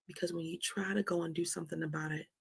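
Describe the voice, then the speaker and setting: A woman hosting a motivational livestream, speaking softly and slowly with a Southern American touch, often dropping to a whisper. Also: on the low side, fairly even intonation, gravelly, slightly rough, no room sound. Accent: American, Southern country touch. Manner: soft, slow and prayerful, often dropping to a whisper. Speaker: livestream host.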